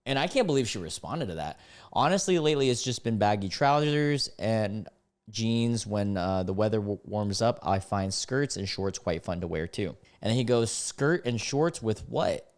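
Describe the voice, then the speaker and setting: A man, reading chat screenshots aloud and mocking them in casual reaction commentary, often breaking into loud disbelief. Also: fairly low pitch, animated, unhurried. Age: 20s. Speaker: content creator reacting to screenshots.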